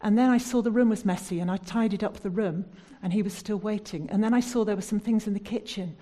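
A woman preaching a sermon from the United Kingdom, putting earnest, searching questions to the congregation and turning soft and prayerful when she leads prayer. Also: mid-range voice, fast.

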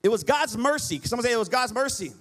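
A man's voice: extremely high pitch, animated, fast, fairly bright tone. A middle-aged man preaching a sermon as pastor, pleading with the congregation and calling for responses.

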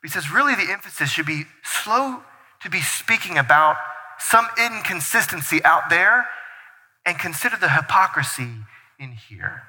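A man preaching a sermon as pastor, energetic and full of rhetorical questions to the congregation. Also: high voice, normal speed. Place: church hall. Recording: reverberant church hall.

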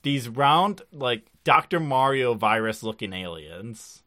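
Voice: medium pitch, slow, sharp tone. A podcast co-host recapping episodes in casual chat, rambling with lots of filler words and frequent laughs.

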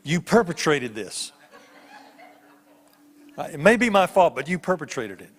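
A man preaching a sermon as a guest preacher, telling stories with lively voiced characters. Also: on the high side, measured pace. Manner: animated storytelling with voiced characters. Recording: long hall reverb.

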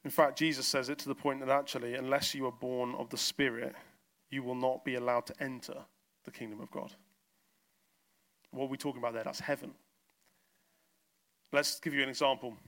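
Bright-voiced pastor preaching. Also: male voice, mid-range voice, flat delivery, a little fast, pauses often. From south coast of England. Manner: storytelling, acts out exchanges in quoted voices. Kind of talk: sermon. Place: church.

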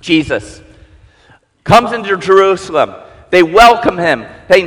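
A male preacher giving a sermon as animated storytelling, acting out the voices of the people in his story. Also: high-pitched, normal speed. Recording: long reverb in a large hall.

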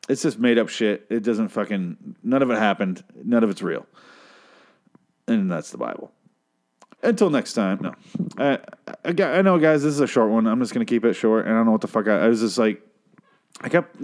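A man's voice: lowish voice, lively intonation, moderate pace. Exasperated, profane ranting podcast host man. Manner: exasperated, profane, keeps apologizing. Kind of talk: comedic rant.

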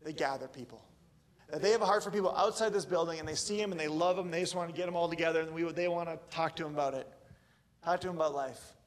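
A man, preaching a sermon in a casual, joking, animated way. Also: fairly high pitch, fast. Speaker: pastor.

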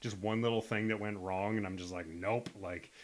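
A man's voice: fairly low pitch, fairly even intonation, fairly quick, crowd noise. A man in casual podcast conversation, talking in a rambling, frank way and swearing now and then.

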